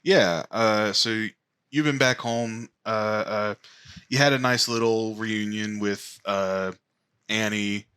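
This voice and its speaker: A man narrating as the game master of a tabletop game, slow and halting with lots of fillers. His voice is low-pitched but bright and forceful. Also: fairly even intonation, clean tone.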